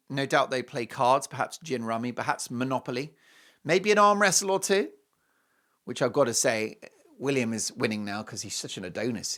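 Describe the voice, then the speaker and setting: A middle-aged man hosting a talk show, joking through an animated, self-mocking monologue that swings between loud bursts and hushed asides. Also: medium pitch. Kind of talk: comic monologue.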